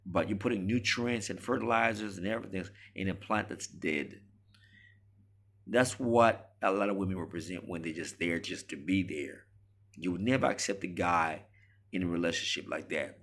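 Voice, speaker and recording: Low-voiced man lecturing emphatically. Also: a bit bright. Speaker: relationship commentator. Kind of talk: monologue to camera.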